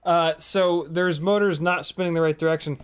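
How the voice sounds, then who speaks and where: A man's voice: a little high, fairly even intonation, moderate pace, clean tone. A man hosting a casual live stream from a home workspace, chatting easily, joking, and reading out viewer comments while he works. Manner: easygoing, jokey, reads out viewer comments.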